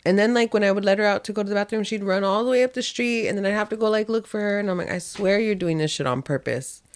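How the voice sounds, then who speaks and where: Young woman, casual podcast chat, story-driven, animated quotes. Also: mid-range voice, racing, clean tone. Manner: chatty storyteller, acts out quotes, laughs often. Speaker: podcast co-host.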